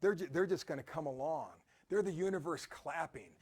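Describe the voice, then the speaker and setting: A man's voice: fairly high pitch, brisk, slightly rough. A man giving a rambling, storytelling motivational talk as a podcast host.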